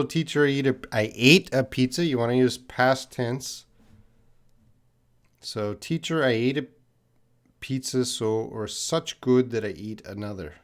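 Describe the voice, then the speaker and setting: A man from Canada with a Canadian accent, an English teacher answering viewers' questions on a live stream in a patient, chatty way, explaining with repeated examples. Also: mid-range voice.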